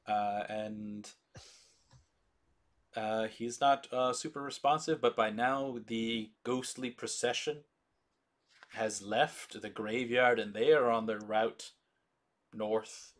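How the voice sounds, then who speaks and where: A man narrating a tabletop game as game master, describing scenes in slow, descriptive detail. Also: on the low side.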